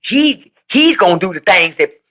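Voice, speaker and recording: A woman putting on the slow, drawling voice of a man being interviewed, to mock him. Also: mid-range voice, sing-song, fairly bright tone, lo-fi sound. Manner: drawling, mocking imitation.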